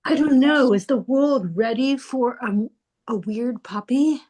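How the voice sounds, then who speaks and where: Slow, wry woman improv player. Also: a little high, a little mellow. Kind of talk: improvised comedy scene.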